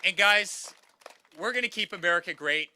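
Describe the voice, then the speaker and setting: There's slight background noise as a man in his thirties delivers a campaign rally speech in a high, bright, forceful voice at a moderate pace. He repeats lines to rally the crowd and calls them "guys."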